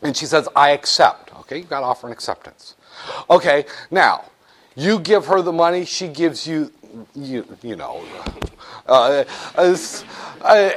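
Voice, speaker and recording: A man's voice: high voice, fairly bright tone. A man teaching a business law class, lecturing in a joking way and acting out little scenes with students.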